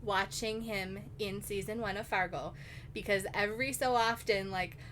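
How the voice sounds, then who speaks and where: A woman's voice: medium pitch, fairly even intonation, normal speed, fairly bright tone, slight background noise. A young woman with a Minnesotan accent co-hosting a casual podcast chat, laughing often. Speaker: podcast co-host.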